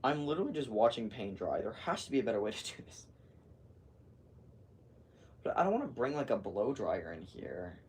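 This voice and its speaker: A teenage boy in his final school year, talking in a casual, rambling vlog, full of "like" and animated retellings. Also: medium pitch, brisk, pauses often. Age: teens. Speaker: vlogger. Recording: distant mic with faint background noise.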